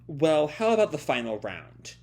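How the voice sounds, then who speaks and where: A man's voice: fairly high pitch, big pitch swings, moderate pace, darkish tone. A man reading as a cold snake woman fighter. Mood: taunting.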